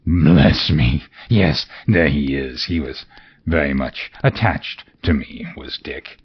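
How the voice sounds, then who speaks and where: A man playing a hushed, rueful old miser. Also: very deep voice, slow pace, husky, muffled recording, full character voice. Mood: rueful, wistful.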